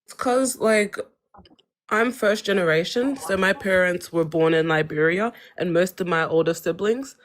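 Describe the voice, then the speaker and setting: A woman's voice: fairly low pitch, normal speed. A woman with an Australian accent chatting casually on a live stream, chatty and self-mocking.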